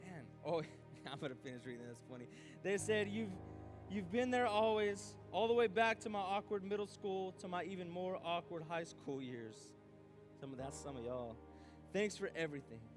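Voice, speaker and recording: High-voiced animated male youth pastor. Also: normal speed, music in the background. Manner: animated, acts out his own inner doubts aloud. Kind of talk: youth sermon.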